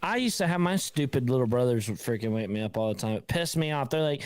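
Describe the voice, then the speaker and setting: A man's voice: medium pitch, expressive, moderate pace, a little mellow, no echo. A man rambles on in casual, talkative chat, often breaking into laughter. He sounds tired. His mid-range voice is recorded close and dry. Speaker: host of a live stream.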